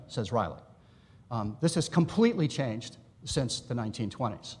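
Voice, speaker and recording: A man giving an academic lecture, explaining history in a measured way with asides to his listeners. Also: medium pitch, animated, darkish tone, breathy edge. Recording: long reverb in a hall.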